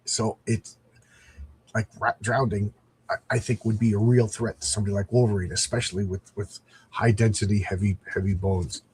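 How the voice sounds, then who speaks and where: A man's voice: lowish voice, fairly even intonation, normal speed, darkish tone, slight background noise. A middle-aged man chatting casually as he reviews a comic book, rambling and reading panels aloud.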